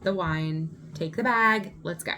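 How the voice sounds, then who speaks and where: A woman's voice: on the low side, a little slow, background noise, close to an everyday voice. A woman voicing her impatient young boyfriend, who coaxes her to hurry up and leave. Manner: coaxing, impatient.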